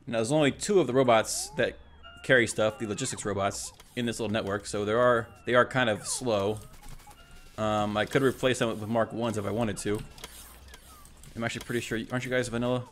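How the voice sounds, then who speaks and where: Fairly low in pitch, fairly bright in tone, and fairly quick, the man's voice keeps a fairly even intonation. He's a let's play host casually narrating his gameplay, musing out loud, correcting himself, and chatting with the robots on screen.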